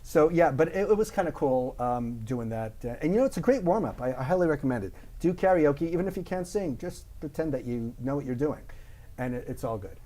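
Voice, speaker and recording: A man's voice: a little high, lively intonation, dark tone. A man from Canada with a Canadian accent, a voice impressionist guest chatting casually and cracking jokes. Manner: jokey, quick with punchlines. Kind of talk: casual interview chat.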